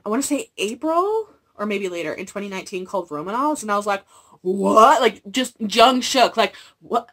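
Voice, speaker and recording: A young woman in a casual book haul video, animated and gushing, with exaggerated reactions. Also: medium pitch. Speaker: book vlogger.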